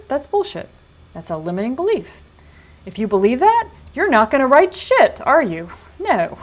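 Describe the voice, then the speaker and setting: A woman's voice: high-pitched, moderate pace. Middle-aged woman running an online workshop, blunt and punchy, swears a lot, reads people's answers back to them. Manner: blunt, emphatic, swears freely; animated, quoting attendees' typed answers back. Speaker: workshop coach.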